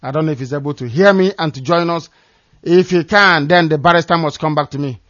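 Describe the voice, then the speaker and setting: A man's voice: fairly high pitch, a little fast, fairly bright tone, no room sound, highs cut off. A man hosting a call-in radio broadcast, delivering a scornful, preaching monologue. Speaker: radio host.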